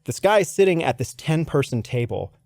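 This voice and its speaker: A man spins a long anecdote on a podcast, acting out each person he quotes. His voice is a little high and swings widely as he talks. The sound is dry and close to the mic. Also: fairly quick, vocal fry, no echo. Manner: animated storyteller, acts out quotes. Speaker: podcast guest. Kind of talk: casual anecdote telling.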